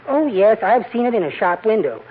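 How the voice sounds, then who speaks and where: An actor playing a timid, henpecked little man with a soft, hesitant voice in a 1940s radio comedy. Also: sits high, sing-song, brisk. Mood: mild. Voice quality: soft, mousy, hesitant delivery. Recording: tinny lo-fi 1940s radio broadcast, faint audience.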